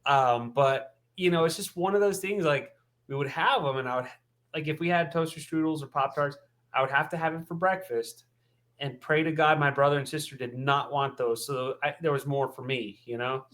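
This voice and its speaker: A man with a fairly high voice co-hosts a laid-back podcast chat. He rambles comfortably through anecdotes and scattered observations, leaning heavily on "like" and "you know.". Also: normal speed, fairly bright tone. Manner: easygoing, rambling storyteller with frequent "like". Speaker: podcast co-host. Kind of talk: casual chat.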